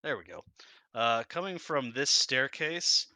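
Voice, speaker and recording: A man narrating a tabletop game as game master, animated and often laughing. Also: mid-range voice, measured pace, dry recording.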